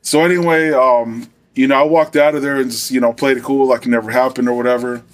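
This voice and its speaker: A man's voice: mid-range voice, steady tone, fast talker. A man who is a former correctional officer, telling a profane, swaggering story to camera with laughs along the way.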